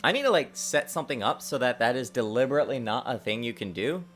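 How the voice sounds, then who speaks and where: Lively self-mocking man streaming game dev. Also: mid-range voice, fast talker, faint music behind. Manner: lively, self-mocking, talks to himself while working. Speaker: indie game developer streaming. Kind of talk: casual livestream dev commentary.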